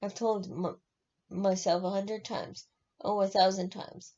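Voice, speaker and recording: A woman's voice: medium pitch, little pitch movement, unhurried, warm tone, dull audio. A woman reading as a stern older woman whispering. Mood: urgent. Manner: urgent whisper.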